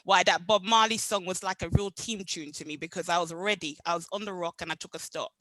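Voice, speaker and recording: A young adult woman from Jamaica with a Jamaican accent, telling her own story at a meetup in an animated way. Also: fairly low pitch, brisk, dry recording, poor audio. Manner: animated, acts out past dialogue. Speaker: meetup speaker. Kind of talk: personal storytelling talk.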